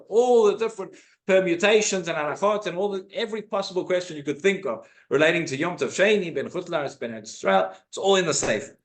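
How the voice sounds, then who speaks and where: A rabbi giving an informal class in a synagogue, explaining texts and reading Hebrew quotations aloud. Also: male voice, fairly high pitch. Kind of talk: informal Torah class lecture.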